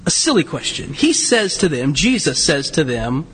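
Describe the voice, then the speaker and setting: A man's voice: on the high side, very animated, normal speed, hardly any pauses, a bit bright, long reverb tail, slight background noise. A male pastor preaching a sermon in a church in a conversational way, asking the congregation questions. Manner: conversational, asks the congregation questions, frequent restarts.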